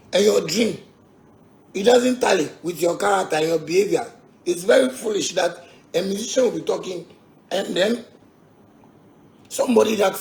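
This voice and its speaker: A man's voice: high-pitched, creaky. A Ghanaian musician with a Ghanaian Pidgin English accent, delivering a heated, combative rant to his fans, repeating himself and swearing. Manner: combative, repetitive, swearing, laughing asides.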